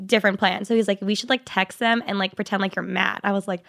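A young woman in her twenties, a podcast co-host, telling a story in casual chat, animated and filled with "like" fillers. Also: mid-range voice, quick pace, vocal fry, few pauses, dry recording, clean studio sound.

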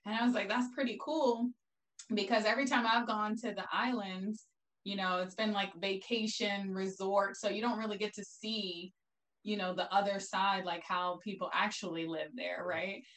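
A woman from Brooklyn, New York, a guest telling personal stories in a casual interview, lively and quick to laugh. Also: mid-range voice, poor audio. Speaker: guest, entrepreneur.

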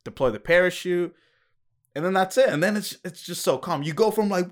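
A man's voice: a little high, moderate pace, fairly bright tone. A young man hosting a casual podcast, talking with enthusiasm, swearing freely and calling his guest dude. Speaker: podcast host. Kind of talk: casual chat.

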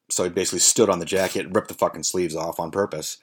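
A man's voice: deep voice, quick pace, breathy edge. A man in his forties hosting a podcast, telling a long story in a rambling, profane way with many fillers. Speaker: podcast host.

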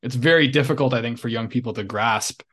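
A young man co-hosts a casual coaching podcast and spins out a long anecdote. He talks in a reflective, halting way, full of restarts, at a medium pitch. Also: fairly bright tone. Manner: reflective, hesitant with many restarts. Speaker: podcast co-host. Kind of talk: casual chat, storytelling.

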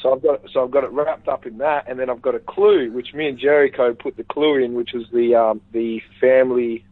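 A man's voice: medium pitch, fairly quick, no room sound. Man telling a story over a phone line. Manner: rambling, animated retelling with quoted dialogue. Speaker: interview guest. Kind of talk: casual phone interview storytelling. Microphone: phone call. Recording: tinny phone line, dry.

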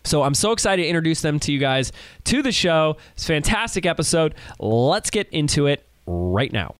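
A man's voice: a little high, big pitch swings, normal speed, dry recording. A man hosting a podcast in an upbeat, emphatic, friendly way, introducing his guests. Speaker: podcast host.

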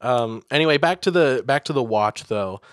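A young man co-hosting a casual movie-review podcast, halting and full of fillers, with a wry tone. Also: mid-range voice, animated, clear, resonant tone, no room sound. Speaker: podcast co-host.

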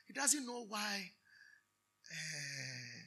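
A man's voice: sits high, big pitch swings, very slow, pushed and bright, slightly rough. A Ghanaian man preaching a sermon, preaching emphatically, drawing answers from the congregation with questions and switching between English and Twi. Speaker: pastor.

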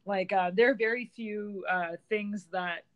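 A woman's voice: medium pitch, fairly even intonation, a little slow, muffled recording. A woman hosts a casual conversation, chiming in readily. Her tone is upbeat and agreeable, with a mid-range voice. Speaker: host. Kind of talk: casual chat.

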